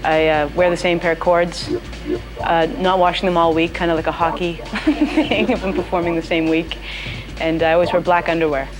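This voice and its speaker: Brief: thirties woman from Nova Scotia, slightly low voice, chatty interview over background music. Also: fairly even intonation, moderate pace, rough recording. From Canada, Nova Scotia. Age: 30s. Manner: chatty and self-deprecating. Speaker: comedian. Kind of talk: casual interview.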